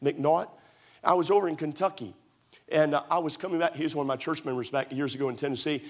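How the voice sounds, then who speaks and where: A man's voice: a little high, fairly even intonation, quick pace. A middle-aged man pastor preaching a sermon, telling stories with emphatic repetition.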